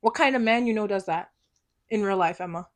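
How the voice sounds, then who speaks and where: A young woman co-hosting a podcast in casual chat, animated and laughing often, breaking into high squeals when excited. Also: fairly quick. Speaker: podcast co-host.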